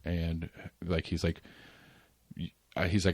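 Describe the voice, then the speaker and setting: A man in his forties with a deep voice talks through a long story in casual podcast chat, stopping to restart his sentences and laughing at himself. The sound is close and dry, with no room around it. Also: completely flat delivery, takes it slowly, long pauses, no room sound. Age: 40s. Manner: rambling, restarts often, laughs while telling stories. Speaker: podcast host.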